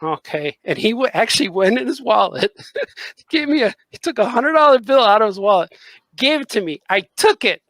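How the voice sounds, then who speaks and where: A man who draws comics, co-hosting a podcast and telling a story with lively acted-out dialogue and frequent laughter. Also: extremely high pitch, a little fast, dry recording, low-quality recording. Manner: animated storyteller, acts out dialogue, laughs often. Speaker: podcast co-host and comic artist. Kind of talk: casual chat.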